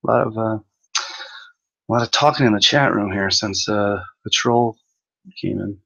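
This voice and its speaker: A man's voice: fairly low pitch, normal speed, gravelly, a bit bright, dull audio. Mocking exasperated man ranting. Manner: mocking, exasperated, laughs often, swears. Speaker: livestream host reading chat. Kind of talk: ranting livestream chat.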